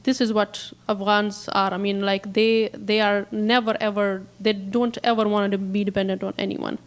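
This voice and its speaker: A woman's voice: medium pitch, little pitch movement, normal speed. A woman speaking as a panelist, emphatic and repeating her phrases. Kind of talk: panel discussion.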